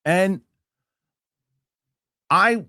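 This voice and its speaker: Male host in his forties, animated, heated storyteller, swears freely, slightly high voice, dry close sound. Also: extremely slow, dry recording. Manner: heated, animated, swears, acts out quoted people. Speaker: show host. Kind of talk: casual storytelling rant.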